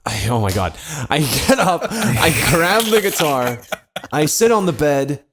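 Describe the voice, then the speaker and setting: A young man tells a funny story on a comedy podcast, his pitch swinging widely as he goes. He talks casually and swears freely, and he often breaks into laughter. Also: very animated, unhurried, noisy background. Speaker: podcast co-host telling a story.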